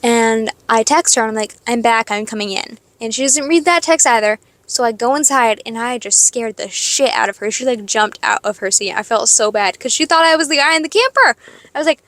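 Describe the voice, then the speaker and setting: A young woman talks into her phone from her parked car, rambling through a story with a fairly high, lively voice. She fills her talk with "like" and breaks into excited squeals. The sound is close and dry, with no room around it. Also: fairly quick, no room sound. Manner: chatty, animated, lots of "like", jumps to squealing excitement. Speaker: vlogger. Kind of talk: casual storytelling chat. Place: parked car in a parking lot.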